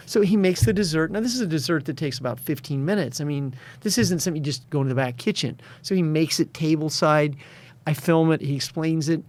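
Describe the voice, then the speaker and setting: A man's voice: a little high, fairly quick, a little mellow. A man being interviewed as a success and addiction coach, telling stories with confidence and acting out the voices of people he quotes. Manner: storytelling, acts out quoted voices. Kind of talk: interview conversation.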